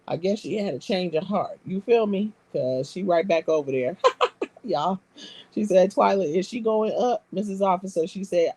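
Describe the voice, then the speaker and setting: A woman's voice: medium pitch, gravelly, a little mellow, breathy edge, dry recording. A woman hosting a live stream, reading viewer comments aloud and bantering in a brash, profane, streetwise way. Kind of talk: casual live-stream chat.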